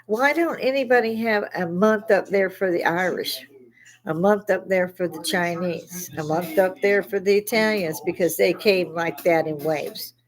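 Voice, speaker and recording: A woman's voice: on the low side, moderate pace, rough recording. An older woman hosting a casual monologue, ranting angrily in a blunt, profane way. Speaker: host.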